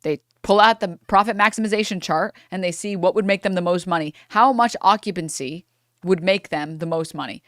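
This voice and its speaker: A woman's voice: lowish voice, brisk, no room sound, clean studio sound. Ranting, swearing young woman streamer. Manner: ranting, profane, with bursts of laughter. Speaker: streamer reacting to a clip. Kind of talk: angry reaction commentary.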